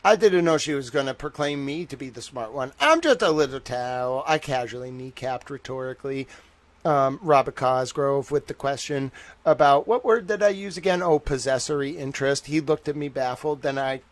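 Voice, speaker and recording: A man's voice: medium pitch, normal speed, no room sound. A young man hosting a livestream, chatting casually and rambling animatedly while reacting to viewer chat. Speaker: livestream host.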